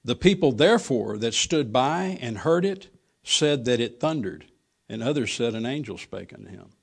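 Gravelly preacher reading scripture. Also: male voice, mid-range voice, lively intonation. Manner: reads King James verses slowly, then talks plainly with fillers.

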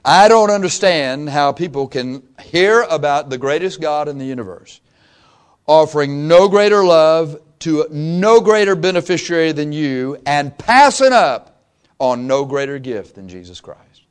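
A man preaching a sermon, impassioned and emphatic, swinging from loud peaks to quiet asides and repeating phrases for emphasis. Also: fairly high pitch, lively intonation, a little slow, smooth.

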